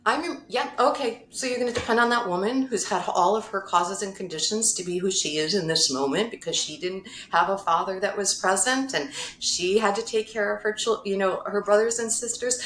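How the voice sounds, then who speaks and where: A woman's voice: medium pitch, reverberant, a little hiss or hum, pitched above the performer's own voice, natural voice. A woman voicing a sassy, motherly female spirit of the planet who teases and coaxes playfully. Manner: teasing, coaxing, playfully insistent.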